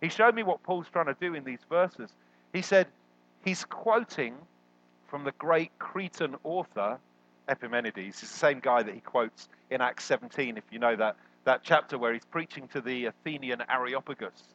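A man preaching a sermon as a guest, animated and jokey, jumping up in pitch when he quotes people. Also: normal speed, highs cut off. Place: church hall.

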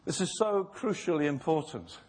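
A man preaches a sermon in a slightly raised, husky voice. He is earnest, acts out the voices he quotes, and slows down to stress his points. The sound carries the long reverb of a large hall. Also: fairly high pitch, lively intonation, a little mellow.

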